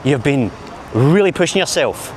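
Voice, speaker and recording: A Glaswegian man films a walking vlog on a busy city street, rambling playfully and poking fun at himself, recorded on his camera mic as he walks. His voice is a little high and a little mellow, expressive, at normal speed. Slight background noise is present.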